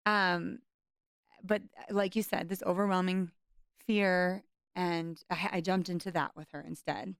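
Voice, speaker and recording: Passionate woman host, fast bursts, low voice, dry close sound. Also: little pitch movement, gravelly, no room sound. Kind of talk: heartfelt interview talk.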